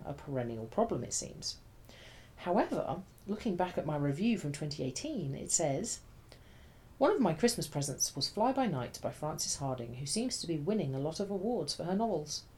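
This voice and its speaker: A woman's voice: deep voice, big pitch swings, fairly quick, darkish tone. A woman reading a scripted book review in a dry, wry, chatty manner.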